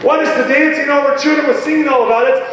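A male preacher with a strikingly high voice delivers an emphatic, animated sermon. He is heard from far off in a large hall with long, heavy reverb. Faint ambient noise sits underneath. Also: rapid-fire.

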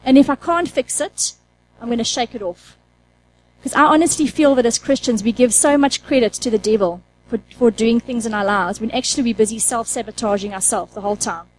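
A woman's voice: fairly high pitch, slight background noise, low-quality recording. A woman preaching a conversational sermon, asking the audience questions and acting out her own inner dialogue.

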